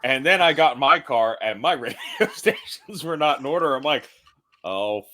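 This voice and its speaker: Bright, lively man reacting. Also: on the high side. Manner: quick reactions, stammers into jokey asides. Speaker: podcast co-host. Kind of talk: casual chat.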